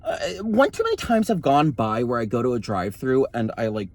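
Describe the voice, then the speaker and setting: A man's voice: medium pitch, huge pitch swings, fairly quick, darkish tone. A man telling a story in a campy, sassy, profane way, his voice often taken for a woman's. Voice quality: voice read as feminine. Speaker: vlogger. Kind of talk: casual storytelling vlog.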